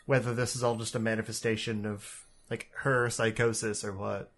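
A man's voice: on the low side, flat delivery, moderate pace, fairly bright tone. A man chatting casually while watching a horror movie, giving joking running commentary. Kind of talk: casual chat reacting to a horror film.

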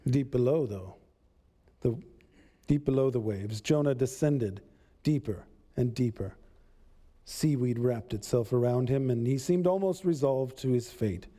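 A man telling a story in the first person, with a measured, deliberate delivery and pauses. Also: medium pitch, warm tone.

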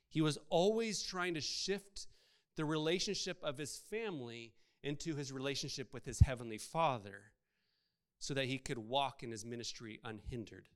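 A man's voice: mid-range voice, normal speed, smooth. A man preaching a sermon, conversational, asking his congregation rhetorical questions. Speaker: pastor.

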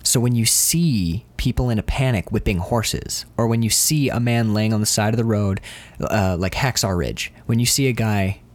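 A man co-hosting a casual movie podcast, talking in an animated way and swearing now and then. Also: moderate pace, no echo. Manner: animated, acts out quotes in loud high voices. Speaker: podcast co-host.

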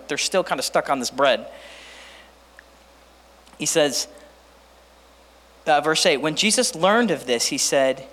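A man's voice: on the high side, a bit bright. A male pastor giving a conversational sermon, with many fillers and restarts, and often asking his listeners questions. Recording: reverberant hall.

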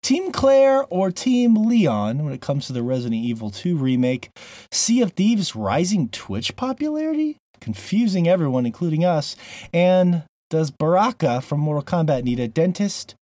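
A man's voice: fairly high pitch, very animated, normal speed, warm tone, dry recording. A man hosting a gaming podcast, opening the show in a playful, jokey way with lots of fillers. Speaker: podcast host. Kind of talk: casual podcast intro.

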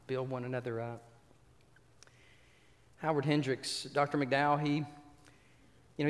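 A man preaching a sermon, telling a story with repeated words and questions to the congregation. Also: mid-range voice. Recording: reverberant hall.

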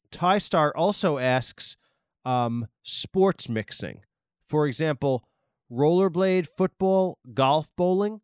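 A man hosting a podcast in a rambling, profane comedic monologue, talking excitably into a close mic. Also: fairly high pitch, clean tone, dry recording. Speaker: podcast host.

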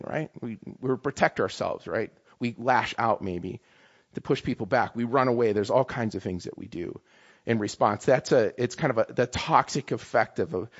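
A man preaching a sermon in a lively, confessional way, often checking in with "right?". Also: medium pitch, muffled recording. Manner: animated, confessional, many "right?" tags.

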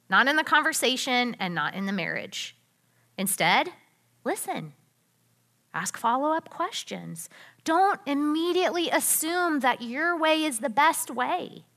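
Woman speaker, sermon-style talk; bright, fairly high voice; earnest, chatty, asks questions of the room. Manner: earnest, conversational, uses rhetorical questions. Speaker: women's ministry speaker.

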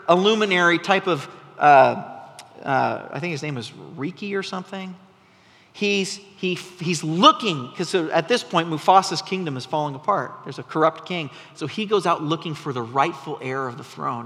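An animated male pastor delivers a sermon, his voice climbing when he gets excited. His tone is bright and forceful, a touch higher than most men. It rings out with a long reverb, as if from a large sanctuary.

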